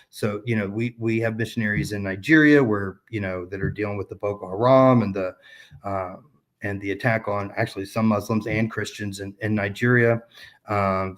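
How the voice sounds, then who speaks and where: Rambling man telling a faith story. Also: on the low side. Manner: rambling, many fillers and restarts. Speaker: podcast guest. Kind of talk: casual storytelling chat.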